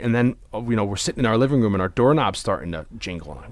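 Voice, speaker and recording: A man's voice: medium pitch, lively intonation, fast talker, dry recording. A young man hosting a podcast, chatting casually and telling a rambling story with many restarts. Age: young adult. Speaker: podcast host. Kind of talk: casual chat.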